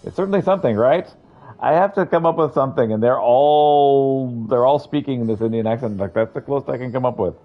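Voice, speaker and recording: A man's voice: mid-range voice, fairly quick, phone-quality sound. A man streaming a game playthrough, reading its dialogue aloud and chatting with viewers between lines. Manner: reads game text aloud, with asides to chat.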